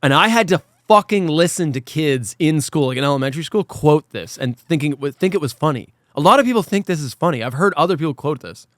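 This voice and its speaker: A man on a podcast ranting in casual chat, his voice sitting a little high for a man. He sounds exasperated, swears freely and acts out lines from the show. The recording is close and dry. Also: lively intonation, fast talker, hardly any pauses, no room sound. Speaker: podcast co-host.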